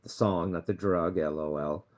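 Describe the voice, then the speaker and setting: A man's voice: sits low, fairly even intonation, normal speed, a little mellow. A man talking straight to his viewers in a casual vlog, rambling with many restarts and repeated words as he earnestly gives advice. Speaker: channel host.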